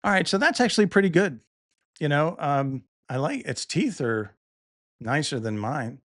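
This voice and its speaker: A middle-aged man, a podcast host, walking through a software demo in a relaxed, casual way, thinking aloud with small restarts. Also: a little high, normal speed, dry recording, studio quality. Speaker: podcast host demonstrating tools. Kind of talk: casual tutorial narration.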